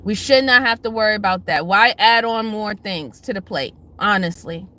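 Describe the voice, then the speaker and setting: A woman's voice: medium pitch, normal speed, sharp tone. A woman hosting a casual livestream who greets chatters by name and lectures and pleads with her viewers, repeating her points for emphasis. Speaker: livestream host.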